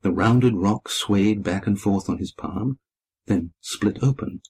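Man reading a kids story aloud, measured, low and husky. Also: darkish tone. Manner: measured, descriptive. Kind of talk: scripted narration.

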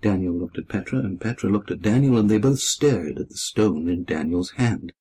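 Husky-voiced man reading a story. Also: low voice, lively intonation, mellow. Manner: measured, descriptive. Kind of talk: scripted narration.

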